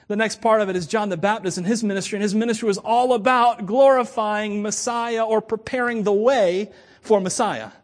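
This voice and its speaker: A man's voice: high-pitched, fairly even intonation, moderate pace. A man, a pastor, giving a conversational sermon with joking asides.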